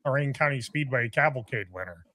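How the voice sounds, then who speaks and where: A man's voice: medium pitch, lively intonation, fairly quick, sharp tone. A man who races, teasing the host with joking jabs from off-mic. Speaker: guest and fellow racer. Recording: echoey room, off-mic.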